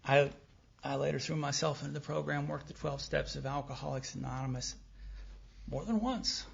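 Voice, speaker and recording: A man telling his recovery story at a meeting, candid and self-deprecating, animated as he acts out remembered dialogue, on a dull lo-fi tape. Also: fairly high pitch, normal speed, creaky, slightly rough. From Texas. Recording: dull lo-fi tape of a live talk.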